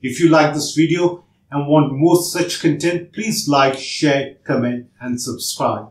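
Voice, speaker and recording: Male test-prep tutor, higher voice, echoey room, methodical instructional read. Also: measured pace, darkish tone. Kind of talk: instructional narration.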